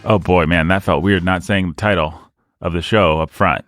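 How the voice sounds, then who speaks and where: Man, podcast host, low voice, joking and rambling, tired, dry close sound. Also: steady tone, normal speed, fairly bright tone, no room sound, soft background music. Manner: joking, rambling, self-mocking. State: tired from lack of sleep. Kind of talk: casual comedic chat.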